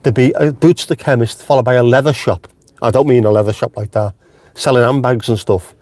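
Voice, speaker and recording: A man's voice: medium pitch, steady tone, brisk, darkish tone. A middle-aged man hosting a casual live stream from inside his car, chatty and jokey, swearing freely and wandering off on tangents. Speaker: vlogger host.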